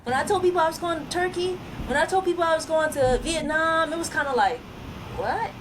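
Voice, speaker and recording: A woman from the United States hosts a podcast in a relaxed, chatty way. Her voice runs high, and she quotes other people's warnings as she goes. Clear noise sits under the recording. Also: fast talker. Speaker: podcast host. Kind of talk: casual chat.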